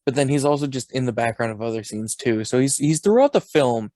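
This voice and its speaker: A man's voice: medium pitch, a little fast, dark tone, no room sound. A young adult man co-hosting a podcast, chatting casually, rambling as he recounts scenes and laughing often. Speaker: podcast co-host. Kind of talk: casual chat.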